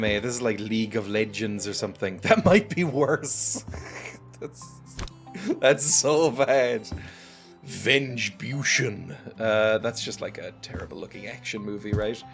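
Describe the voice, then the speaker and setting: A man giving casual, sarcastic, rambling commentary while playing a game, laughing often. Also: fairly low pitch. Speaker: gaming YouTuber. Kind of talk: casual let's-play commentary.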